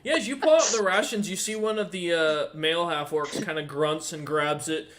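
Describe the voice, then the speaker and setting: A man narrating as dungeon master, halting often with fillers as he describes the scene. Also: a little high, fairly bright tone, slight background noise. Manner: halting, many fillers and pauses. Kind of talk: narrating a tabletop game.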